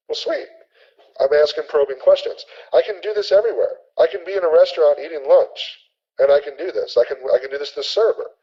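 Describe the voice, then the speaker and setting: A man teaching a sales training webinar, energetic and repetitive, acting out sample conversations. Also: fairly high pitch, fairly quick, breathy edge, muffled recording.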